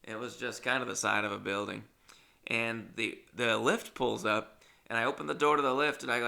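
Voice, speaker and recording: Gravelly, bright-toned young man telling stories. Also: mid-range voice, moderate pace. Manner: animated, swearing, acts out dialogue in lively bursts. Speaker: comedian and podcast host. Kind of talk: casual storytelling monologue.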